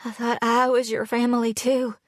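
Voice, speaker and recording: A woman's voice: fairly high pitch, level tone, moderate pace, no echo, studio quality, voice pushed up, close to an everyday voice. A woman voicing a hurt young fiancée, pleading in a shaky, emotional voice in an audiobook. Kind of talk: audiobook character voice.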